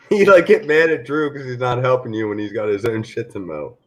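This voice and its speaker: A man in casual live chat, husky and teasing. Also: medium pitch. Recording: dull lo-fi sound.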